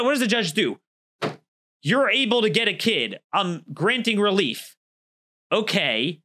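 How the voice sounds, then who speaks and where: A bright, fairly high-pitched man delivers an emphatic opinion monologue. He argues his points hard and acts out both sides of imagined exchanges. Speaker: political commentator.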